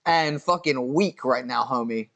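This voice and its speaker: A man's voice: mid-range voice, a little slow, a bit bright. A young American man co-hosting a casual livestream, reading viewer messages aloud and answering them with swearing and sudden exasperated squeals. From United States. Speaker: livestream co-host reading chat. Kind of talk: casual watch-along chat.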